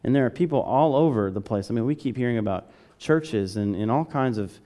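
A man preaching in a relaxed, conversational way, his mellow, warm tone rising into eager emphasis. He speaks at a middling pitch and walks his listeners through a story from the pulpit. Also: fairly quick. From American South. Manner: conversational, builds to excited emphasis. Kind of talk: sermon.

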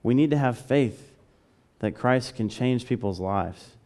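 A man preaching in a relaxed, conversational way, his mellow, warm tone rising into eager emphasis. He speaks at a middling pitch and walks his listeners through a story from the pulpit. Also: a little slow. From American South. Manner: conversational, builds to excited emphasis. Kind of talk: sermon.

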